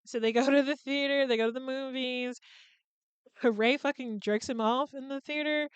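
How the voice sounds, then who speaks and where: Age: 30s. Sex: woman. Style: casual, profane solo podcast movie recap. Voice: high, very clear, dry. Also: steady tone, normal speed, no echo, lo-fi sound. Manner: chatty, profane, acts out quoted lines in voices. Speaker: podcast host.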